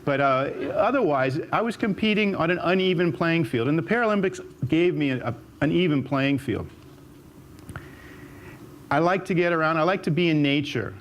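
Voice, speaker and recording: An older man speaks into a stage mic with a voice that sits somewhat high for a man. He meanders through personal stories, stumbling over and repeating words as he goes. When he voices other people, his pitch jumps up sharply. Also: animated, normal speed, a little hiss or hum. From United States. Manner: chatty storyteller with frequent restarts and repeated words. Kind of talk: storytelling talk on stage. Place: auditorium stage.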